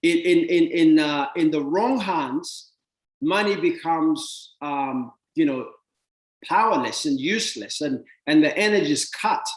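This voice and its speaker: Animated man in an echoey room. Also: a little high, unhurried. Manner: repeats words, acts out dialogue with other people. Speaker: speaker teaching about money. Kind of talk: animated motivational talk.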